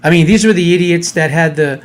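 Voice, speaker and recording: A man's voice: a little high, a little fast. A man hosting a live talk radio show, ranting bluntly in casual political talk.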